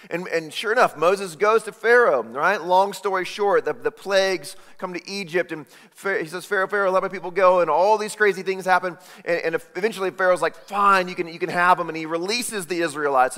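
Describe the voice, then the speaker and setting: A man preaching a sermon, retelling a story with lively asides and acted-out quotes. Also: on the high side, long reverb tail. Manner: animated storytelling, repeated "right?" asides, acts out quotes. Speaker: pastor.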